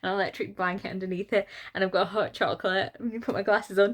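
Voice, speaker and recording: A young woman chatting in a cozy, excited way for her vlog. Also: medium pitch, fast talker. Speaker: book vlogger.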